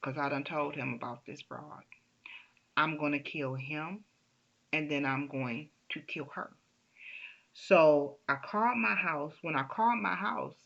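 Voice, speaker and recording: Woman vlogger doing storytime, slow gravelly voice, kinda bright, a bit lo-fi. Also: low voice. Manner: animated, emphatic retelling with frequent restarts. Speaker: vlogger telling a personal story. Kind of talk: casual storytime monologue.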